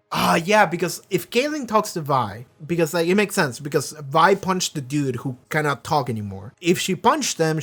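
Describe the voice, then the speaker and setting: Higher-voiced man rambling about a show. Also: a bit bright. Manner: rambling, profane, acts out characters' lines. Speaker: reaction video host. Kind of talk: casual reaction commentary.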